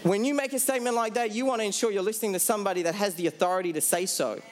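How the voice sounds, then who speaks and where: Crowd noise fills the room as a high-voiced man preaches to a congregation. He puts questions to them, answers himself, and drags out the important phrases.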